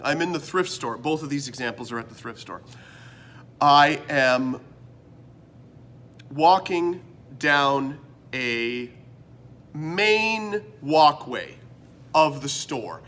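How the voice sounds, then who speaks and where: A middle-aged man from Canada hosting a comedic vlog, ranting in an animated, exasperated way. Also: a little high. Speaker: host.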